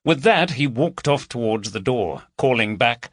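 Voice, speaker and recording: Steady male audiobook narrator, bright tone, dry read. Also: mid-range voice, moderate pace, hardly any pauses, no echo.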